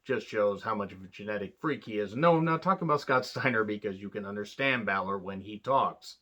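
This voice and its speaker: A man's voice: lowish voice, brisk, sharp tone, dull audio. A man giving a casual, profane wrestling review, blunt and sarcastic, rambling with restarts.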